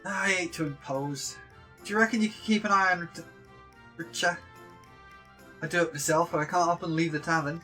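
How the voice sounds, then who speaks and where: An actor with a Yorkshire accent playing a worried middle-aged tavern keeper in a game, plain-spoken and earnest. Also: male voice, a little high, steady tone, moderate pace, long pauses, bright, forceful tone, soft background music. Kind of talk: game voice acting.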